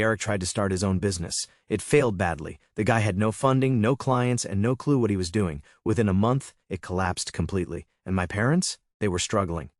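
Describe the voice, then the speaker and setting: Low-voiced man, cool first-person narration. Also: no room sound, studio quality. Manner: smug, cool, matter-of-fact. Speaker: storyteller.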